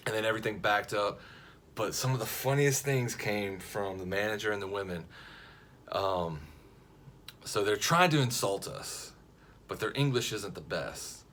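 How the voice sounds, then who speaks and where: A man casually telling a funny story to camera, lively and jokey, acting out the other people's lines as he goes. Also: on the low side, normal speed, slight background noise. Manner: animated, jokey, frequent restarts and quoted voices.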